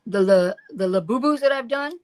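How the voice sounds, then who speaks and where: A woman's voice: on the high side, lively intonation, fairly quick, a little mellow, low-quality recording. Chatty older woman crafting live. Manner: chatty, rambling, talks to chat viewers by name. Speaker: craft livestream host. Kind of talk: casual chat while crafting. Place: home craft room.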